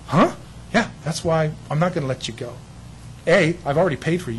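Animated preacher man, hushed to loud. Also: a little high, fast talker, slight background noise, poor audio. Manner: lively storytelling preacher acting out voices, swings between hushed and loud. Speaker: pastor. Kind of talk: sermon.

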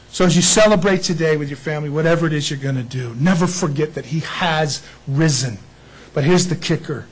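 A man preaching an Easter sermon in a lively way, acting out the people in the story. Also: fairly high pitch, slightly rough, low-quality recording. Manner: animated, acts out bible figures. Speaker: pastor.

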